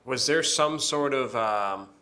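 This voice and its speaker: Podcast cohost guy, bright sharp voice, asking questions kinda haltingly. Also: medium pitch, a little hiss or hum. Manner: hesitant, asks questions in loose halting phrases. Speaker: podcast co-host. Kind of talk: casual conversation.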